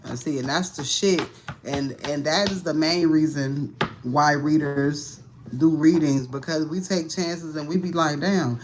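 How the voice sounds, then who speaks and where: A woman's voice: low voice, a little slow, background noise. Tired cussing lady doing a tarot read on a live stream, blunt and slangy. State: tired and annoyed. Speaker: tarot reader. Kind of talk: casual livestream reading.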